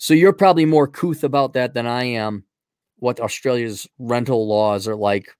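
A man's voice: medium pitch, moderate pace, darkish tone, clear, resonant tone, no echo. Blunt, rambling man on a dry mic. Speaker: livestream host. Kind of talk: casual opinionated monologue.

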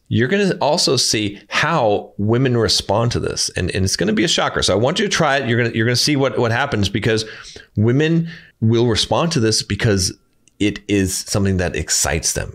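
A man's voice: fairly low pitch, a bit bright. Man coaching with emphatic instructions. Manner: emphatic, instructive, repeats "all right" and "right". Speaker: dating coach. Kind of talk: direct-to-camera coaching talk.

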